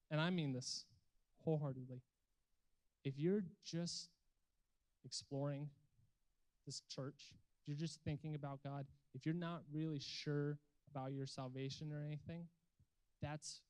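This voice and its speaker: A man's voice: a little high, measured pace, long pauses, a little mellow, smooth, low-quality recording. A young adult man giving an earnest, emphatic sermon to a youth group, ending with a call to pray and commit. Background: instrumental music.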